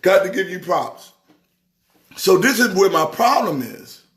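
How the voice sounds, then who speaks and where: A middle-aged man from New York hosts a casual live stream about sports. His voice sits high, and he teases viewers in an animated way. At times he slips into the rhythm of a preacher's exhortation. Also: a little slow. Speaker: church organist hosting a live stream.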